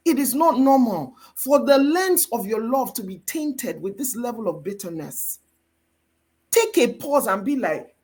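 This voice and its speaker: A woman's voice: on the high side, a little mellow. A woman with a Nigerian accent giving a faith-based marriage teaching as guest mentor, with an emphatic, preacher-like delivery.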